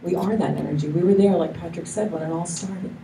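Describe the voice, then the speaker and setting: With a warm, steady voice on the low side, a fast-talking woman minister rambles through a casual, effusive sermon, frequently starting her sentences over. Her congregation is present in the church hall. The distant mic picks up the hall's echo and some faint noise.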